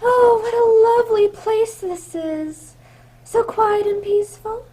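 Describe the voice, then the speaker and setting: A woman playing a sweet, gentle young princess who frightens easily, in a radio drama. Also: extremely high pitch, steady tone, slow pace. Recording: loud background noise.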